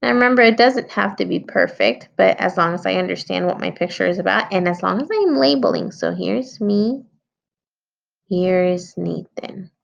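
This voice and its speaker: A creaky, medium-pitched woman's voice at moderate pace leads young children through an early-grade writing lesson. The teacher patiently works out her story edits out loud, and the audio is slightly dull and lo-fi.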